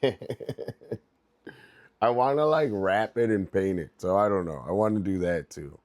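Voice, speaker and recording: Young man, low voice, slow drawn-out pace, casual livestream chat, rambling, swears a lot. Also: a little mellow. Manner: rambling, profane, loose storytelling. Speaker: artist livestreaming.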